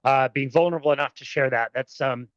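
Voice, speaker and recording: A podcast host interviewing a guest, self-deprecating and animated in manner. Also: medium pitch, quick pace, dry recording, muffled recording.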